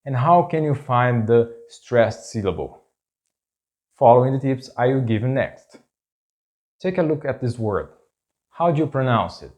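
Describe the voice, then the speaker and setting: A man's voice: mid-range voice, lively intonation, unhurried, pauses often, darkish tone. A man with a Brazilian Portuguese accent teaching a language lesson, carefully repeating example words.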